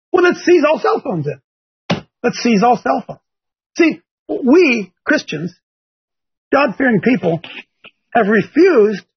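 An older man from Ohio hosts a religious talk show in a very high-pitched, slightly rough voice. His commentary is preachy and emphatic, with points repeated for effect, and the recording has a dull lo-fi sound.

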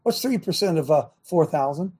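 This talk show host is an older man whose husky, slightly mellow voice sits on the high side. Animated and at a moderate pace, he delivers radio commentary with emphasis, says things more than once and laughs in disbelief.

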